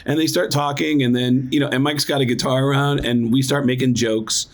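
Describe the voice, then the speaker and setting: A man who is a guest comedian on a podcast, talking in a relaxed, reflective way with plenty of fillers. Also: medium pitch, a little fast. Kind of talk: casual interview chat.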